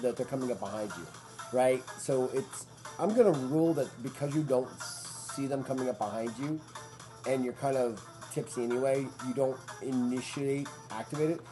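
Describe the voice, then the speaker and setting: A man's voice: medium pitch, mellow. A man acting as game master who thinks aloud casually while making rulings. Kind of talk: ruling and narrating a tabletop game.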